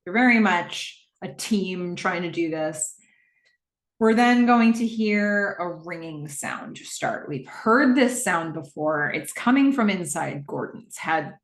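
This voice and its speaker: A woman hosting a podcast, recapping a TV episode scene by scene in a casual, animated way with frequent laughs. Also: on the low side, slow, reverberant. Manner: animated, laughs often, acts out the characters' lines.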